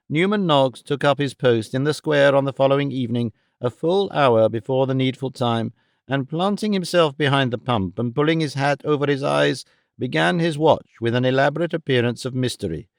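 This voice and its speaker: A man narrating a classic novel in a measured, expressive audiobook reading. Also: medium pitch, no echo, clean studio sound.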